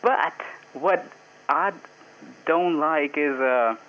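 A man's voice: a little high, extremely slow, a bit bright, a little hiss or hum, poor audio. Hesitant man calling in by phone. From India. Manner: hesitant, full of fillers, laughs often. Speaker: caller. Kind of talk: call-in radio chat. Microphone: phone line.

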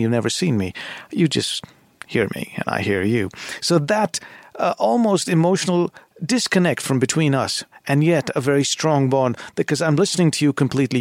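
A man with a gravelly voice hosts a late-night call-in radio show. He talks slowly and intimately, musing aloud and stopping often on small fillers. Faint music sits low behind him. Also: no echo. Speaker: radio talk show host.

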